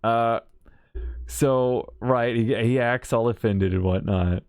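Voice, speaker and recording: Streamer, male, mid voice, dry close sound; quick rambling game commentary, lots of restarts. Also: medium pitch, a little mellow, smooth, no room sound. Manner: rambling, quick, with many restarts and self-corrections. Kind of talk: casual game story commentary.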